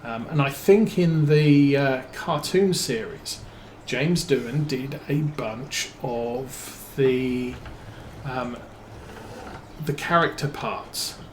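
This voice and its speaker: A man's voice: medium pitch, slow, echoey room, slight background noise, low-quality recording. A man streaming a game, telling a long rambling story with many fillers and restarts. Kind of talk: casual storytelling while playing a farming game.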